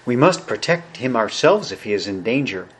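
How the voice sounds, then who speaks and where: A man reading aloud, voicing a gentle, earnest man made of tin, from a storybook. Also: mid-range voice, very animated, moderate pace, husky.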